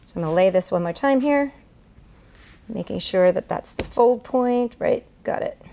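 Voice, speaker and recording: A woman's voice: fairly high pitch, lively intonation, normal speed, creaky, dark tone, slight background noise. Chatty woman demonstrating a craft. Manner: chatty, narrates each step aloud while working with her hands. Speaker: children's event planner and craft entertainer. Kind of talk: step-by-step craft tutorial.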